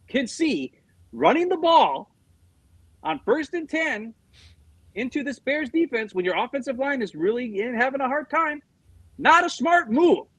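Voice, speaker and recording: A middle-aged sports podcast co-host with a very high-pitched, slightly rough voice vents about his team's loss in heated, profane, casual talk. The audio is dry and of poor quality.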